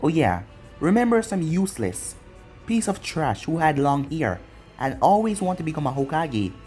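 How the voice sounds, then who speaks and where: A man's voice: a little high, very animated, normal speed, a little mellow, faint music behind. A man voicing an arrogant young male ninja turned traitor, smug and taunting, in a fan-made storybook reading.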